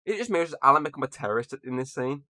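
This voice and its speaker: A man's voice: medium pitch, animated, fast talker, a crowd in the background. A man hosting a casual podcast, recapping a film's plot and laughing often. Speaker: podcast host recapping a film. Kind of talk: casual chat.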